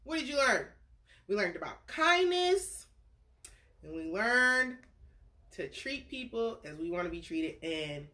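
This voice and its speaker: Lively woman reading a bedtime story. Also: mid-range voice, takes it slowly, long pauses. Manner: animated, chatty asides to young listeners; playful character voices for the story's figures.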